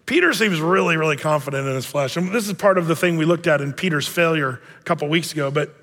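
A male pastor teaching a verse-by-verse Bible study in a relaxed, conversational way, with many fillers and self-deprecating humor. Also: on the high side, fast talker. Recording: long reverb of a big hall.

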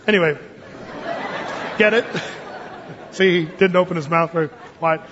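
A man's voice: high voice, fairly even intonation, fast, a bit bright. A man preaching a casual verse-by-verse Bible sermon, joking and digressing as he teaches. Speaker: pastor. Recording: dull sound with long reverb.

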